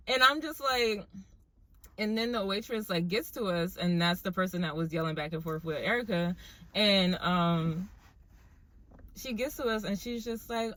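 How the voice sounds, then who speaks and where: A young woman casually telling a story to her viewers in an animated, chatty way, full of fillers. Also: medium pitch, normal speed, no room sound.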